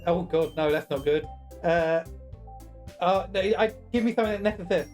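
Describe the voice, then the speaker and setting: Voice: medium pitch, moderate pace, darkish tone, faint music behind. A game streamer giving casual let's-play commentary, chatty and breaking into laughter often.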